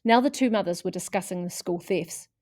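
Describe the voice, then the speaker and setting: A woman reading a children's chapter book aloud in a lively way, putting on voices for the characters. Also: lowish voice, fairly quick, no echo. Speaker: audiobook reader.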